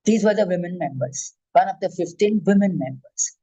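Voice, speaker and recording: Older woman giving a measured lecture. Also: fairly low pitch, lively intonation, dark tone, husky, no room sound, low-quality recording. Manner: measured, emphatic, enumerating points. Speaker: former judge, guest speaker.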